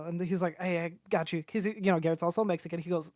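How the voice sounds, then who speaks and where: A young man with a high voice speaks quickly on a podcast, rambling through a long personal story, cursing freely and performing everyone's lines himself. The studio recording is clean and free of echo.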